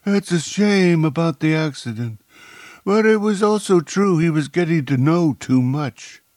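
A man voicing a rough male henchman who talks in a blunt, offhand way. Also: on the high side, animated, a little slow, a little mellow, no echo, clean studio sound, voice pushed up.

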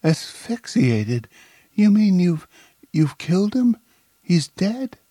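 A man doing Monica, a frantic high-voiced woman. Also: a little slow, mellow, husky, dry recording. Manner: frantic, pleading. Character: distraught young woman caught in a scheme.

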